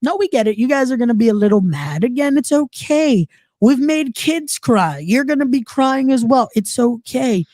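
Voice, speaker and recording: A man's voice: extremely high pitch, animated, moderate pace, darkish tone, dry recording. A man hosting a wrestling podcast in casual chat, often repeating himself and trash talking rivals playfully. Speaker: podcast host.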